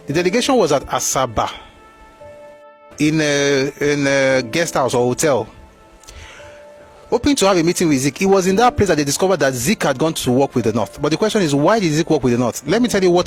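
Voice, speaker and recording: A man with a Nigerian accent giving opinionated history commentary, animated and rhetorical, reading passages aloud. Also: fairly high pitch, a little fast, soft background music.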